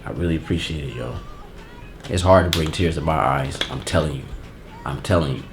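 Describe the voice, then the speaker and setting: A man hosting a casual unboxing vlog, giving heartfelt, emotional thanks in relaxed, slangy talk. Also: a bass voice, a little fast, music in the background. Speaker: channel host.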